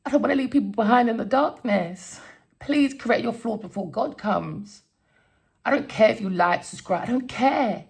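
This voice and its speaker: A woman's voice: a little high, normal speed, creaky, a little mellow. A woman who reads tarot, telling of a dream and preaching warnings in a spiritual vlog, swearing and raising her voice. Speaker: tarot reader.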